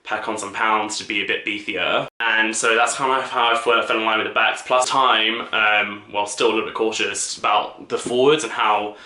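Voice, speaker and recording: Young man, camp vlogger, very bright voice, echoey room. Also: lowish voice, flat delivery, normal speed, hardly any pauses. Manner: camp, chatty, lots of fillers. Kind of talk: casual vlog chat.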